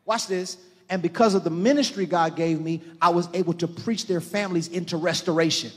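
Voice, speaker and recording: Man, pastor, sermon, high voice, rises from hushed to shouting, talks to the congregation, long church hall reverb. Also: brisk, breathy edge. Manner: impassioned preaching that swings from hushed to shouting; calls on the congregation directly.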